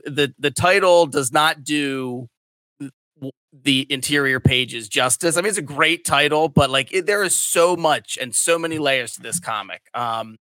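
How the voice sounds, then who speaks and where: A middle-aged man from the Philadelphia suburbs hosts a relaxed podcast chat. His tone is forceful and bright, and the sound is dry and close, with little room in it. He rambles, restarting his sentences often. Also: medium pitch, a little slow, no echo. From Delaware County, Pennsylvania. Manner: rambling, frequent restarts and fillers. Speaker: podcast host. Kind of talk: casual chat.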